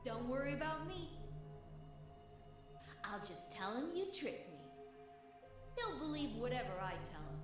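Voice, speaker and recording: A woman's voice: fairly high pitch, big pitch swings, measured pace, long pauses. A woman voicing a young boy in a video game, whiny and indignant. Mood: scheming. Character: young boy, pleading then furious. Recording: game audio with music; echoey playback.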